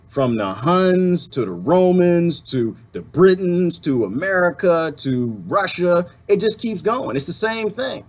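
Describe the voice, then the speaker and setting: A man delivering an impassioned political rant to camera, full of rhetorical questions and mild swearing. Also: on the high side. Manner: emphatic, rhetorical questions, swearing, laughs often. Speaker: vlogger.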